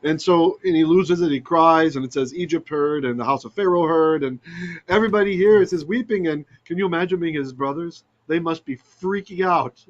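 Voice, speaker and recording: A man leads a scripture lesson with a fairly high voice, animated and eager, often asking "right?" as he goes. The sound is dull and lo-fi, like a played-back video. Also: a little fast. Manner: animated, asks "right?" often, mixes in Hebrew terms. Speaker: Torah teacher. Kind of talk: Bible study teaching.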